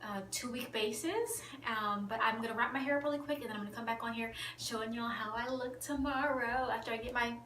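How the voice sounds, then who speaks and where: A woman vlogging in a gushing, excited way about her hair, now and then dropping to a whisper. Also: a little high, brisk, few pauses, roomy sound, far from the mic, a little hiss or hum, low-quality recording. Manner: gushing, animated, drops to whispers. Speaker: beauty vlogger. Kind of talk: excited casual vlog chat.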